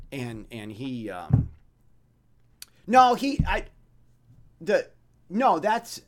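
Male podcast host, blunt and rambling, lots of stammered restarts, pitch swinging widely up and down. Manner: mimics dramatic voices when illustrating points. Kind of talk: rambling monologue.

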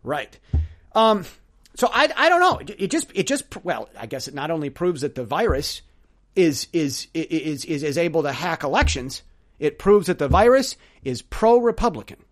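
A man's voice: a little high, sing-song, moderate pace. A man hosting a solo podcast, telling a rambling story with sarcasm and lots of stammered restarts. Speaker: podcast host.

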